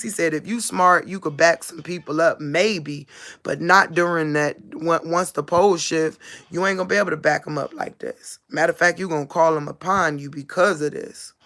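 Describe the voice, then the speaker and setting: Gravelly woman preaching emphatically. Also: deep voice, fairly bright tone. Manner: emphatic and repetitive, addressing listeners directly. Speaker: spiritual teacher. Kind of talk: informal preaching monologue.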